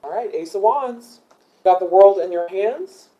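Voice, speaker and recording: A man's voice: high voice, expressive, measured pace, dull audio. A man doing a casual tarot reading, thinking aloud with many ums and asking angels for guidance as he goes. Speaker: tarot reader.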